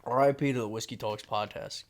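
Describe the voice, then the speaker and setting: A man's voice: mid-range voice, fairly even intonation, fairly quick, slight background noise. A man co-hosting a podcast in casual chat, joking and teasing, swearing freely. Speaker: podcast co-host.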